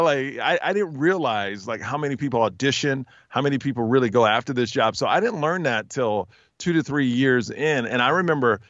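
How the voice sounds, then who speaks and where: A man telling stories in a casual podcast interview, with a smooth radio-announcer voice. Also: medium pitch, a bit bright, no echo, lo-fi sound. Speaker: podcast guest, TV host and stand-up comic.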